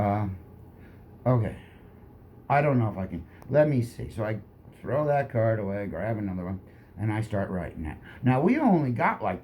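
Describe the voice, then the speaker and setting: A man telling a comic personal story with animated delivery, often tacking "like that" onto his lines. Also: lowish voice, slight background noise. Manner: animated, full of "like that" asides.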